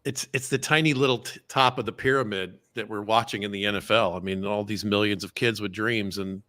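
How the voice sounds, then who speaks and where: A man's voice: on the low side, fairly even intonation, brisk, sharp tone. A man chatting casually about football on a podcast, wry and blunt, often laughing. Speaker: podcast guest. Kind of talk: casual sports chat.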